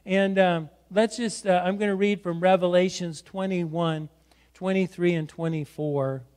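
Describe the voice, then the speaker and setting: Man, middle-aged pastor, sermon in church, high voice, exhorting, keeps asking "right?". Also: fairly even intonation, unhurried, a little mellow, clear, resonant tone. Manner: exhorting, repeats words and adds "right?". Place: church sanctuary.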